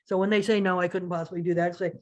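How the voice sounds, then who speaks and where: A woman's voice: lowish voice, level tone, rapid-fire, a little mellow. A woman giving a workshop lecture in a conversational way, with many fillers and restarts, often acting out what donors say. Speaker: fundraising trainer.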